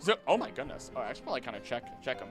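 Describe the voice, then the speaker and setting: A young man casually commenting on his gameplay while he streams, chatty and animated, with sudden loud outbursts. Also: medium pitch, rapid-fire, over music. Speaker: streamer playing a video game.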